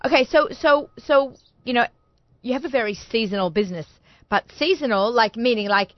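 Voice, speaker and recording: A woman's voice: a little high, brisk, no echo, highs cut off. A woman hosting a studio talk show, chatty and bubbly, often talking over her guests. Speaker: host.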